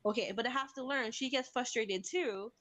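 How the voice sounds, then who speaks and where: Animated mom chatting about parenting. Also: female voice, high voice, normal speed. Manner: animated, acts out voices of kids and parents. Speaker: host. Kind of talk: casual chat.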